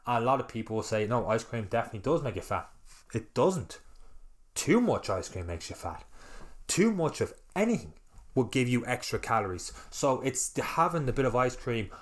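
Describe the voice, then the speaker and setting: A man talking casually on a podcast, rambling and animated, acting out little quoted exchanges. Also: medium pitch, moderate pace. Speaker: podcast host.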